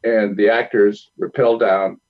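A man, a film director, telling stories in a calm, measured way as a guest on a talk show. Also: on the low side, phone-quality sound. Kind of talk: interview storytelling.

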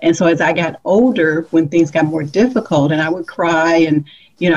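Woman guest, low voice, heartfelt and measured, dull lo-fi audio. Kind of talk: reflective interview answer. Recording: dull lo-fi line.

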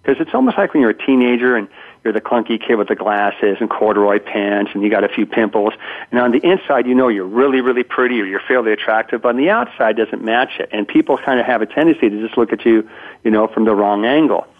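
A fairly low-pitched man in his fifties speaks at a quick pace. Guesting on a conversational interview over a tinny phone connection, he tells stories, voices the quotes himself and frequently restarts with a stammer.

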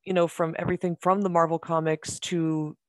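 A podcast guest in casual chat, excitable and gushing, talking in quick bursts. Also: medium pitch, no echo, studio quality.

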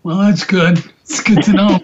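A man hosting a radio talk show, slow and folksy with drawn-out phrasing. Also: high voice, fairly even intonation, slight background noise. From Atlanta, USA. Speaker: radio show host, rabbi. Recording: dull, lo-fi radio audio.

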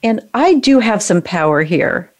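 A woman coaching someone through an emotional exercise, giving calm, directive prompts. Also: mid-range voice, a little slow. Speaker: emotional brain training coach. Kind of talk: guided coaching session.

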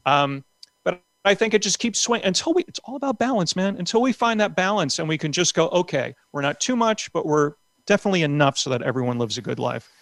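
Male comic guest, a touch high-voiced, rambling and lively with lots of restarts; close, dry mic. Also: quick pace, vocal fry, no echo. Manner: rambling, animated, full of restarts. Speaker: comedian and author guest. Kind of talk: casual podcast interview.

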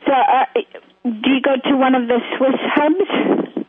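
A woman co-hosting a call-in advice show, talking gently and searching for her words as she goes. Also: high-pitched, steady tone, unhurried, background noise. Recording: phone-line audio.

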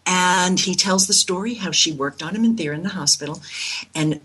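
A woman's voice: fairly low pitch, moderate pace, fairly bright tone, husky. A woman in her sixties from New York, a reflexologist telling stories in an interview, rambling with many fillers and restarts. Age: 60s. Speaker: guest reflexologist. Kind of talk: interview answers.

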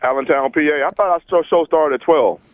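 A man's voice: fairly high pitch, fairly quick, dry recording. A man who coaches football, calling in to a sports talk show and trading teasing, slangy banter. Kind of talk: casual sports radio chat. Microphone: phone. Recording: phone line.

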